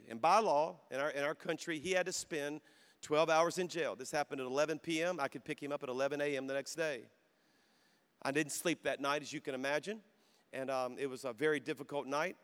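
A man's voice: fairly high pitch, steady tone, brisk, a bit bright, smooth. A middle-aged male pastor preaching a sermon, telling a personal story and building to emphatic exhortation that calls out to the congregation. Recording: long reverb of a large hall.

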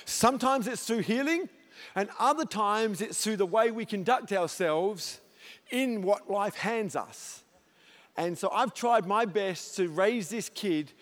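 Lively high-voiced pastor preaching. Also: male voice. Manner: animated storyteller, jokes, loud comic peaks. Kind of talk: sermon.

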